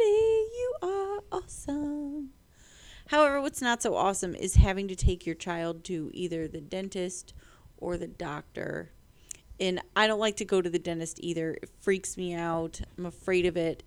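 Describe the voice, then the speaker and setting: A woman's voice: lowish voice, moderate pace. A woman co-hosting a podcast, chatting casually and laughing while reading out odd news stories. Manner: giggly, animated, playful. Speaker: podcast co-host.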